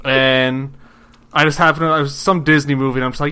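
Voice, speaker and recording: A man co-hosting a podcast, telling jokey stories in casual chat with a deadpan edge. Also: medium pitch, brisk, smooth. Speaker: podcast co-host.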